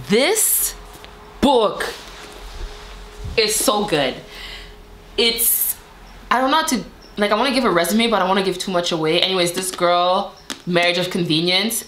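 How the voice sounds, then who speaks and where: A woman's voice: on the low side, a bit bright. A young adult woman vlogger chatting to camera, gushing and rambling with many fillers. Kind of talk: casual chat to camera. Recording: echoey room with faint noise.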